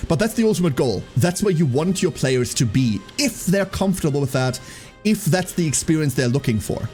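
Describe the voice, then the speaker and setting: A man chats casually with his stream viewers, his fairly high voice swinging up and down as he tells the story. He swears freely and acts out the people he quotes. Faint music plays behind him. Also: mellow.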